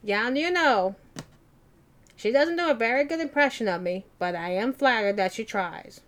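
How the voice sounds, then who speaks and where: A woman doing a rough impression of a quirky male movie character with an odd accent, brash and clipped. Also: on the high side, expressive, normal speed, a bit bright, voice pushed up. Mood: boastful.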